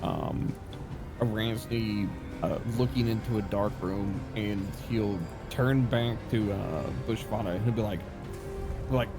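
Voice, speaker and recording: A man's voice: on the low side, measured pace, over music. A man playing in a tabletop game who narrates his character's moves in a jokey, chatty way. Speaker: player. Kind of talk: casual table chat.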